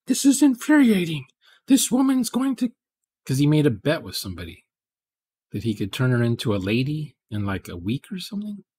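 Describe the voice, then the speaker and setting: Male streamer, chatty and rambling, muttering over his code, mid pitch, dry close sound. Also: darkish tone, husky, no echo. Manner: rambling, muttering asides while coding. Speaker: programming livestream host. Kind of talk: casual rambling livestream chat.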